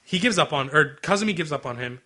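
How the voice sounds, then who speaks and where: A young man co-hosting a casual podcast, talking quickly, laughing often and acting out bits of dialogue. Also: a little high, lively intonation, pushed and bright. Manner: rapid, laughing, acts out anime dialogue in quick asides. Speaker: podcast co-host. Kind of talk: casual chat.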